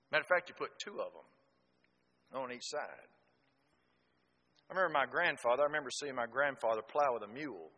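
A preacher with a bright, forceful voice delivers a sermon in folksy storytelling fashion. He swings from loud exclamations to hushed asides. His voice carries a long hall reverb. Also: medium pitch, breathy edge, highs cut off.

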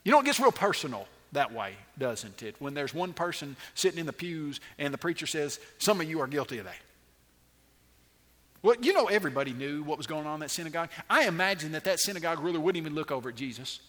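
A male pastor preaching an animated sermon with dramatic pauses and rhetorical questions. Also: fairly high pitch, in a large hall.

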